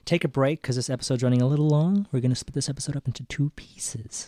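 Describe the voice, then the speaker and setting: A man's voice: medium pitch, fast talker, few pauses, warm tone, no echo, clean studio sound. A man hosting a casual movie podcast, talking in a loose, chatty way with filler words. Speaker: podcast host.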